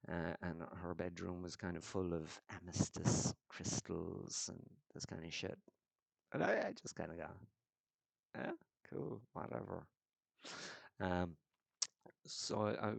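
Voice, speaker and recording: Gravelly deep man ranting. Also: dry recording. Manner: sardonic, sweary, halting with restarts. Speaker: vlogger. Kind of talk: casual profane rant.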